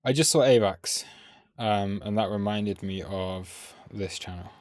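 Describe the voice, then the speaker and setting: This trading livestream host rambles casually through his charts, thinking aloud and poking fun at himself. His lowish voice is unhurried, with studio quality and no room sound.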